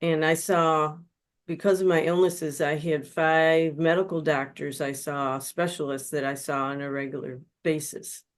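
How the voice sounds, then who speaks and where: Her voice sits low, with little pitch movement, and runs a little slow. She's a spiritual counselor and webinar guest speaker, telling her own story as an earnest, confessional testimony through a webinar microphone.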